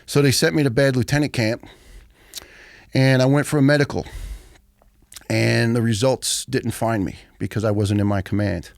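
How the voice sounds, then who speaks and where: A middle-aged man tells his story as a podcast guest. He is blunt and profane and keeps the telling animated. His voice has a gravelly rasp, recorded close and dry with no room sound. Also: mid-range voice, normal speed, pauses often, no room sound. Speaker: guest, retired firefighter.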